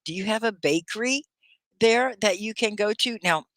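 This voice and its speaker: A woman's voice: medium pitch, normal speed, dry recording. A woman from Texas, hosting a live online English class, gushing as she reads out viewers' comments. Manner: animated and gushing, reading viewers' comments aloud.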